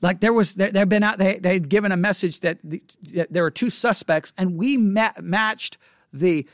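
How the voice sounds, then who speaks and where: In a dry recording with clean studio sound, a high-voiced man talks at a normal speed. He runs a Christian video channel and shares a personal story indignantly and passionately, quoting the words that were spoken.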